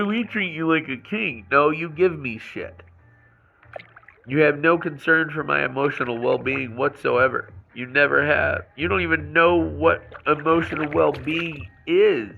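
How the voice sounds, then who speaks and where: Man, slow-talking and angry, gravelly voice, raw emotional rant, dull lo-fi sound with faint music. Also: a little high. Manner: angry, raw venting with restarts and swearing. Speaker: vlogger. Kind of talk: emotional personal rant to camera.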